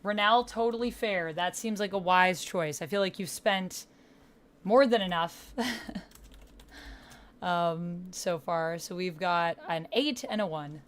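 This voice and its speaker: A woman's voice: lowish voice, takes it slowly. A woman streaming live, chatting playfully with her viewers and counting out exercises aloud. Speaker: gaming livestreamer. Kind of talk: casual livestream chat with viewers.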